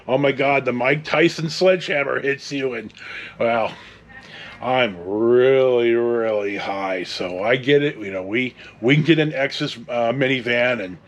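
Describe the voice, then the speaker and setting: A man's voice: mid-range voice, a little hiss or hum. A middle-aged man hosting his own show, telling a story in a casual, rambling way with lots of fillers and restarts, and chuckling now and then. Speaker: host.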